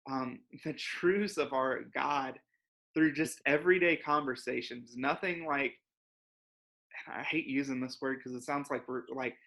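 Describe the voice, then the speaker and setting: Young guy, bright voice, rambly and chatty, says like a lot, church podcast. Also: medium pitch. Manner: rambling, lots of "like" and laughs. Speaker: co-host. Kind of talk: casual church podcast conversation.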